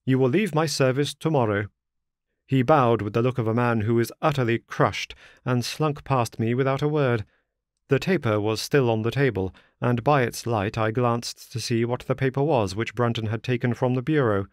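A man's voice: medium pitch, no echo. Man reading a classic story, dry sound. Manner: measured storytelling. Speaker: audiobook narrator. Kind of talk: scripted narration.

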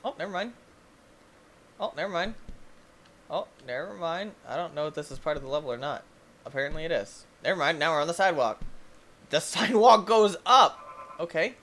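Excitable young man yelping over a game. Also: a little high, a little fast, long pauses, slight background noise. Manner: excitable, goofy, bursts into yelps and shouts. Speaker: gaming video host. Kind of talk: let's play commentary.

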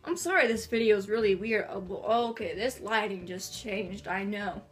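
A woman's voice: mid-range voice, normal speed, soft background music. A teenage girl chatting to camera in her bedroom, rambling and bubbly. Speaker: vlogger. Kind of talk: casual chat to camera. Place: bedroom at home.

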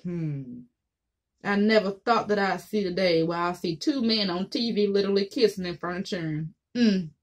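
A woman speaking her mind to camera in a loud, cursing rant. She swings between heated outbursts and quieter asides, talking straight to her viewers. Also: mid-range voice, normal speed. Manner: blunt, profane, mocking voices she imitates. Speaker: vlogger. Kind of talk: opinionated monologue to camera.

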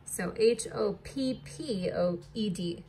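A woman's voice: medium pitch, slow, mellow, slight background noise. A woman teacher leading a recorded distance-learning lesson, patiently spelling words letter by letter.

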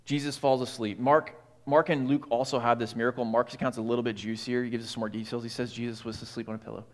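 A man preaching a sermon as pastor, in a casual, animated way, often saying "like" and "right?". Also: medium pitch, fast talker. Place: church.

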